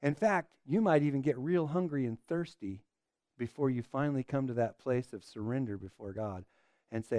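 A man's voice: medium pitch, moderate pace, mellow, no echo, studio quality. A man preaching a sermon as a pastor, asking the listeners rhetorical questions and often restarting his phrases.

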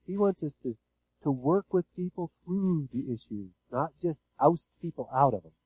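A man's voice: on the high side, lively intonation, moderate pace, darkish tone, husky, no echo, muffled recording. Dry-miked man preaching, asking the room. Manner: conversational preaching with frequent rhetorical questions. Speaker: pastor. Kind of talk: sermon.

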